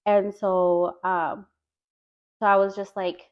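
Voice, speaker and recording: Podcast guest, woman, earnest storyteller, filler-heavy casual talk, mid pitch, slightly muffled lo-fi recording. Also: little pitch movement, slow, clean tone. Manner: earnest, heavy use of "like" and "you know".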